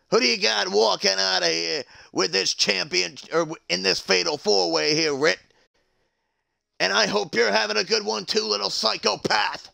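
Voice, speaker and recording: Male stream commentator, announcer energy, high and very gravelly. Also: steady tone, moderate pace, pushed and bright. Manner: hype announcer, chatting to live stream viewers. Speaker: wrestling commentator. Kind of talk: play-by-play commentary of a video game wrestling show.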